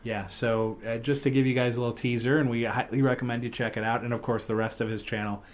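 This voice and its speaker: A man co-hosting a casual podcast, his voice sitting in an ordinary middle range. He tells stories in a loose, rambling way, full of fillers and quick restarts, and laughs at his own jokes as he goes. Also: medium pitch, little pitch movement. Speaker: podcast host. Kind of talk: casual chat.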